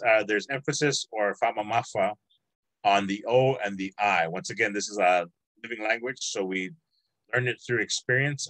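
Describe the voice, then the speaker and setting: A man's voice: fairly low pitch, a bit bright, dry recording, rough recording. A man teaching a language class over a video call, patient and encouraging, drawing out words as he explains.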